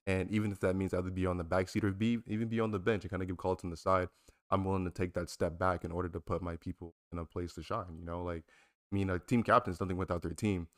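A man's voice: low voice, little pitch movement, quick pace, no echo, clean studio sound. A man co-hosting a casual gaming-streamer chat, talking earnestly with lots of fillers and cursing freely. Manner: earnest, filler-heavy, swears freely when joking. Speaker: streamer and podcast co-host. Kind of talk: casual banter.

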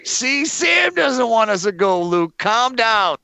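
A man's voice: extremely high pitch, big pitch swings, slow, vocal fry, sharp tone, clean tone, dry recording. A man guesting on a podcast in casual chat, rowdy, teasing and swearing.

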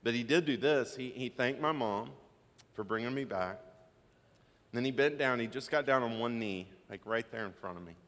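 A man's voice: mid-range voice, normal speed, a bit bright. Guy preaching in church, telling a story, cracks jokes, big hall echo. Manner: storytelling, joking asides. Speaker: pastor. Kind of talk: sermon. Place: church sanctuary.

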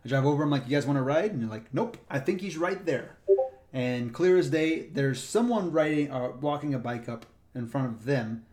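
A man with a mid-range voice chats casually, recounting stories from his work as a park ranger. He tells them in a lively way and plays out the voices of the people involved. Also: medium pitch, a little fast, hardly any pauses. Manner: animated retelling, acts out the people in his stories. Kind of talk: casual storytelling chat.

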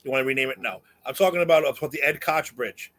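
Blunt opinionated man, bright voice. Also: medium pitch, fast. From New York. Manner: blunt, opinionated, swears casually. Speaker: co-host. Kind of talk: casual chat.

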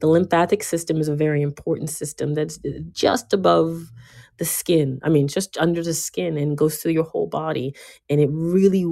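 Emphatic woman with a lowish voice. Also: steady tone, moderate pace, creaky. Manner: emphatic, often repeating and restarting words; swings between loud bursts and quiet, low asides. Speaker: speaker giving a self-help talk. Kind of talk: casual motivational talk.

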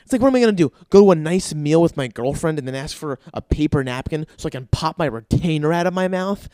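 A man's voice: on the high side, lively intonation, fast, mellow, no echo, studio quality. A man in his thirties doing a profane, rambling comedic rant and jumping into other people's voices. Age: 30s. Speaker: stand-up comedian.

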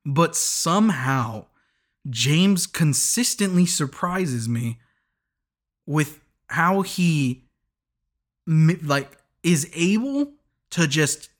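A man's voice: a little high, a bit bright. Rambling, chuckling young male podcaster. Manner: rambling, chuckling, lots of restarts and asides. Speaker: podcast host. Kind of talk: casual podcast recap.

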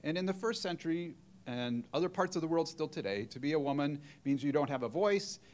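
A middle-aged male preacher delivers a sermon with a voice a touch higher than most men's. He tells the story step by step and slips into the voices of the people he quotes. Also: lively intonation, a little fast, darkish tone.

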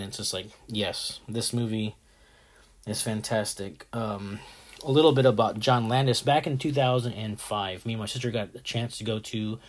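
A man hosting a casual show, talking with enthusiasm about a favorite film, rambling with many fillers and restarts. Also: lowish voice. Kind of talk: casual movie talk.

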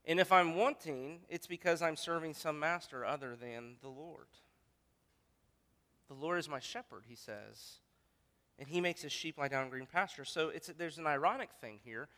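Bright-voiced male pastor in a reverberant hall. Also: on the high side. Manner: earnest, thinks aloud with restarts. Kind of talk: sermon.

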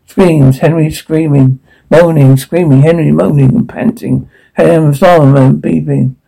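A man reading out sound cues in a flat, matter-of-fact way. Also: a little high, unhurried, creaky, breathy edge, rough recording. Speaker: narrator.

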